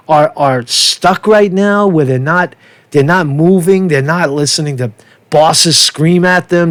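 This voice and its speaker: A man's voice: on the high side, expressive, normal speed, no echo. Profane ranting man, keeps asking "right?". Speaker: street vlogger. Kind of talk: ranting street commentary.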